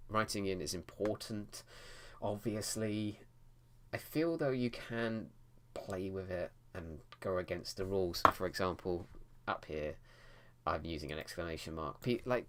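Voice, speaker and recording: A man's voice: low voice, a bit bright. A man talking casually to camera about editing his book, rambling with frequent restarts. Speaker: writing vlogger.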